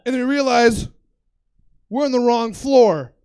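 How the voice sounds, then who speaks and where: A young man doing a stand-up comedy set on a club stage, telling a profane, animated story and bursting into shouted impressions. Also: very high-pitched, measured pace, smooth.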